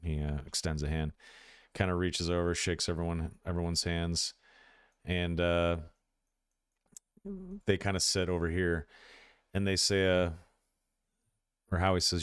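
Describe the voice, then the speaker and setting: Man, game master, very deep voice, smooth, dry close sound, laid-back narration with fillers. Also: a little slow, long pauses, no room sound. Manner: relaxed, hesitant storyteller with many fillers. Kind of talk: narrating a tabletop game and voicing characters.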